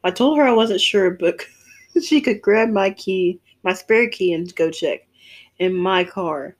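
A woman's voice: mid-range voice, unhurried. A young woman chatting casually and reading funny stories aloud, laughing often and teasing her friend.

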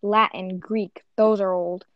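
A woman's voice: mid-range voice, level tone, slow pace, no room sound, lo-fi sound. A young woman chatting casually with friends, rambling with lots of restarts and fillers. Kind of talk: casual chat among friends.

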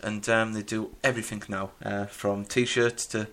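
A man hosting a football fan radio show in casual, rambling banter, quick to laugh and full of ums. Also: on the low side, flat delivery, fairly bright tone.

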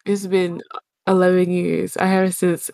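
A young woman, telling a long story in casual chat and acting out her own shouts. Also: lowish voice, level tone, unhurried, gravelly.

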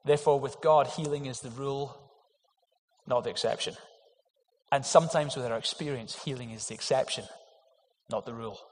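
A man's voice: mid-range voice, moderate pace. Earnest preaching man in echoing hall. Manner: earnest, emphatic preaching with rhetorical questions. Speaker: pastor. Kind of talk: sermon. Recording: long hall reverb.

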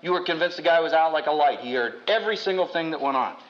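A man's voice: quick pace, lo-fi sound. A man, a seminary professor, teaching from the Bible with wry humor, acting out quotes with big swings in his voice. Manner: animated storyteller who acts out quotes with big pitch jumps. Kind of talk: lively Bible teaching to an audience.

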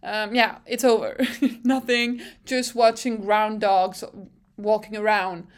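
A woman's voice: mid-range voice, little pitch movement, slow, clear, resonant tone. A young woman from France with a French accent, chatting casually and giggling as she recaps a race weekend, swearing freely and using lots of fillers. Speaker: vlog host.

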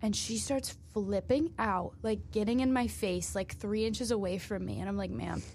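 A woman's voice: mid-range voice, moderate pace, slight background noise. A young woman in her twenties chatting casually and animatedly telling work stories. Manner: animated storytelling, acts out angry customers. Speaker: podcast host. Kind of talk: casual chat.

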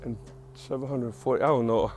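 A man's voice: medium pitch, fairly even intonation, brisk, music in the background. Rambling, chatty male podcast host. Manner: rambling, self-correcting, chatty. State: a little out of breath. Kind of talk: casual solo podcast chat.

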